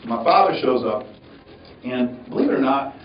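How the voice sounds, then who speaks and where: A man giving a commencement speech as a conversational, animated story in a large hall, recorded from a distance. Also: mid-range voice, moderate pace, slight background noise. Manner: animated, conversational, mimics the voices of others. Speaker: commencement speaker. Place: large hall at a graduation ceremony. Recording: dull, roomy sound from far off.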